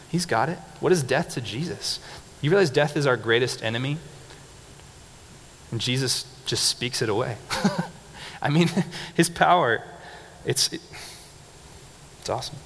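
A young man preaching a casual, animated sermon, laughing often and leading the room in call-and-response. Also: medium pitch, normal speed. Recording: reverberant hall with faint background noise.

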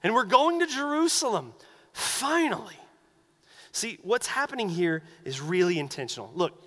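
A man preaching a sermon as pastor, animated and acting out the voices he quotes. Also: fairly high pitch, in a large hall.

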